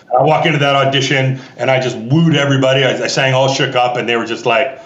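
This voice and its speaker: A man's voice: medium pitch, fast talker, few pauses, a bit bright, reverberant, highs cut off. A middle-aged Canadian man, a theatre festival director, telling stories in a podcast interview and animatedly acting out the voices of the people in them.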